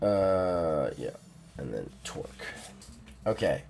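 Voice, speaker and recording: A man narrating a solo journaling tabletop game live, casual and relaxed with many fillers and restarts. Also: on the low side, drawn-out words, pauses often.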